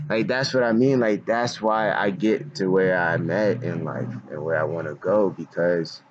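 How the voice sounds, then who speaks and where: A man's voice: low-pitched, steady tone, normal speed, few pauses, lo-fi sound, background noise. A man rambling in a casual vlog monologue, slangy and self-mocking, often breaking into laughs. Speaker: vlogger.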